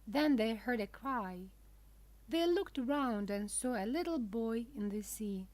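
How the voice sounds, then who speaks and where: A woman reads a children's storybook aloud for English learners. Her delivery is very slow and deliberate, and every word is clear. Her voice sits somewhat high. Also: lively intonation, darkish tone. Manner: clear, deliberate, simple phrasing. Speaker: narrator.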